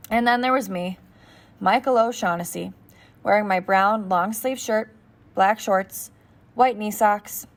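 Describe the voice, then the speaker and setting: A woman narrating an audiobook steadily in the first person as a boy. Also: mid-range voice.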